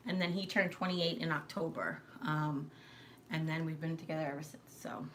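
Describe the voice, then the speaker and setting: Woman with a New York accent, bright voice, chatty and scattered, live stream host. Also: low voice, fairly even intonation, moderate pace, a little hiss or hum. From New York, Long Island. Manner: rambling, self-interrupting, laughs often. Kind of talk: casual live stream chat.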